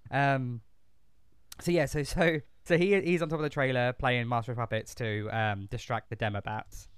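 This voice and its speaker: Smooth-voiced man rambling casually. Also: mid-range voice, fairly even intonation, normal speed, no echo, clean studio sound. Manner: rambling and profane, with many fillers and restarts. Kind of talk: casual chat.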